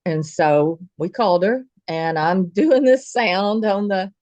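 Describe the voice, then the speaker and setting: A woman's voice: medium pitch, slow, a little mellow, dry recording, lo-fi sound. A woman telling a true personal story in a casual, folksy way, acting out the dialogue of the people in it. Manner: vivid, folksy retelling with quoted dialogue.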